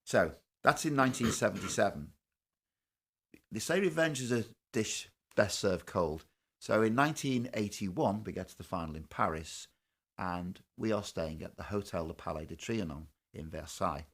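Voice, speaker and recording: A podcast host, telling a football anecdote in a casual, animated way. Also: male voice, on the low side, moderate pace. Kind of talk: casual storytelling chat.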